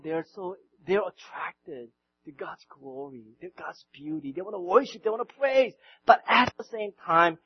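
Man, sermon, high voice, animated preaching, loud and soft swings. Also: breathy edge, lo-fi sound. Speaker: pastor.

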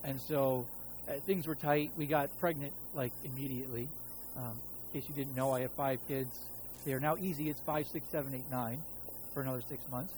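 A man's voice: fairly high pitch, slight background noise, low-quality recording. A man in his thirties preaching a sermon as a pastor, telling a personal story in a casual, conversational way and acting out quoted voices. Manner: conversational storytelling, acts out his own voice and God's.

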